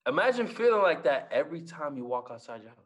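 A young man with a fairly high voice talks fast and very animatedly as a guest motivational speaker. He tells stories, acts out dialogue, and repeats key lines for emphasis.

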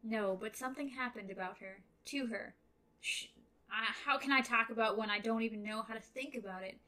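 A woman's voice: fairly high pitch, brisk, pushed and bright, rough recording. Earnest young man in love, read by a woman. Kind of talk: reading a novel aloud.

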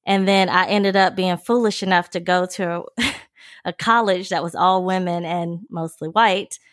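A woman from Mississippi, co-hosting a podcast in a relaxed, reflective way. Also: lowish voice, measured pace, dry recording, studio quality. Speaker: podcast co-host. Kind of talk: casual conversation.

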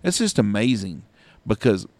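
A man's voice: lowish voice, very animated, moderate pace, darkish tone, no room sound. A middle-aged man, a podcast co-host, rambling through stories in casual chat and swearing freely.

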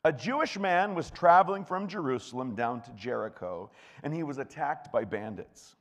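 A male pastor delivers a relaxed, joking sermon and reads scripture aloud, often restarting his sentences. His voice sits at an ordinary pitch for a man. The sound carries the long reverb of a large church hall. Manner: joking, chatty, with frequent restarts. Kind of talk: conversational sermon with scripture reading.

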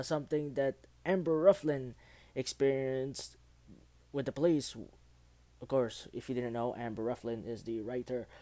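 A man hosting a casual homemade news roundup, halting and rambling, with many fillers and restarts. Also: mid-range voice, warm tone. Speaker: host of a homemade news show.

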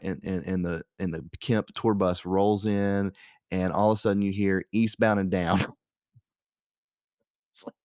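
A young man with a drawl rambles through a story, full of fillers, restarts and asides. His voice sits on the low side and sounds close and dry, with no room around it. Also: darkish tone, clean tone, no echo. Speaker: radio host. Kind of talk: casual storytelling monologue.

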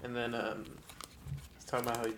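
A man's voice: medium pitch, completely flat delivery, fast, a bit bright, a little hiss or hum. Man rambling through a story. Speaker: podcast co-host. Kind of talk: casual chat.

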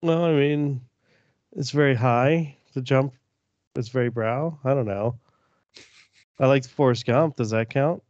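A man's voice: mid-range voice, measured pace, long pauses, darkish tone, dry recording. A man co-hosting a casual podcast chat, joking and playfully argumentative. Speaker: podcast co-host. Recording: dull dry sound.

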